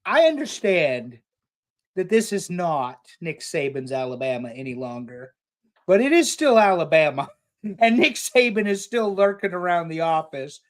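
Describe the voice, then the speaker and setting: A man with a slightly raised pitch co-hosts a casual sports chat. He is opinionated and jokes a lot, dropping the odd curse as he talks. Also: sing-song, normal speed. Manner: opinionated, joking, swears casually. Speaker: podcast co-host.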